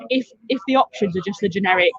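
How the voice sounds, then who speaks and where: A woman's voice: mid-range voice, fast, muffled recording. A woman with a Yorkshire accent, a bar manager chatting casually in a pub garden, rambling and laughing easily. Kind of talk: casual chat. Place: outdoor pub garden, off camera.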